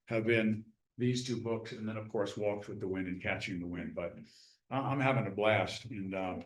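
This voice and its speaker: A man speaking as a guest author at a club meeting, telling a story in a lively way and acting out the people he quotes. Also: on the low side, moderate pace, echoey room, slight background noise, low-quality recording. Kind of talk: casual storytelling talk.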